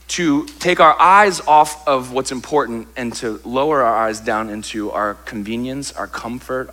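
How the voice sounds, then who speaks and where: A man's voice: mid-range voice, sharp tone. A man preaching a sermon, telling a funny story about himself and acting out his complaints before he turns to scripture. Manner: humorous storytelling, acts out his own complaints. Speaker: pastor.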